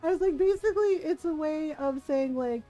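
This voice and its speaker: High-voiced chatty woman streamer, laughing. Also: fairly quick, dark tone, highs cut off, faint music behind. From Filipino family. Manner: chatty, laughs often, quotes family in voices. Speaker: gaming streamer. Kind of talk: casual storytelling while gaming.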